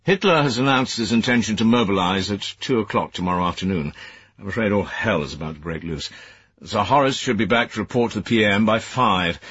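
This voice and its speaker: A man's voice: on the low side, fairly quick, a bit bright, breathy edge, no room sound, muffled recording, pitched above the performer's own voice. A man voicing a stern older former soldier, a senior private secretary who speaks in clipped, commanding, disapproving tones.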